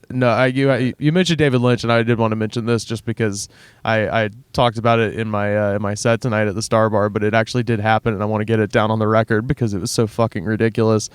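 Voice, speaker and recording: Dry, clear-voiced man chatting loosely. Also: fairly low pitch, no echo. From Alabama. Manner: rambling, lots of restarts and laughter. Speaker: podcast guest, stand-up comic. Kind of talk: casual chat.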